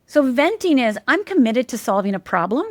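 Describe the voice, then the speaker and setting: An emphatic, teacherly woman talks through ideas in an animated interview, leaning on key words. Her voice sits fairly high and springs up further whenever she mimics someone. The sound is close and dry. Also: fairly quick, no echo. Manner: animated, jumps high in pitch to act out quoted voices. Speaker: guest, life coach.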